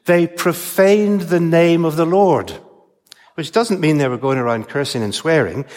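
An older man preaching a sermon to his congregation, explaining scripture in a measured way with emphatic stresses. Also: on the high side, a little mellow, big-room sound.

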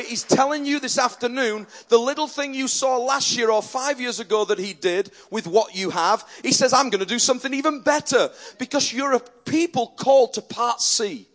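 A male preacher delivering a sermon, telling stories and quoting people, animated and often repeating words. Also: very high voice, moderate pace, few pauses. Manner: animated, repeats words when excited, quotes others in his stories. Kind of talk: sermon with storytelling.

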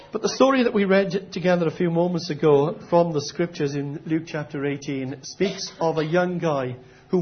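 Man preaching a questioning sermon, lo-fi. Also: fairly high pitch. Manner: earnest, questioning, conversational preaching. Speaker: pastor.

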